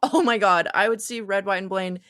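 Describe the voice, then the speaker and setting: A woman co-hosting a podcast, chatting in a relaxed way about films. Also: medium pitch, dry recording, studio quality. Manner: relaxed, chatty, quick to laugh along. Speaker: podcast co-host. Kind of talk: casual film discussion.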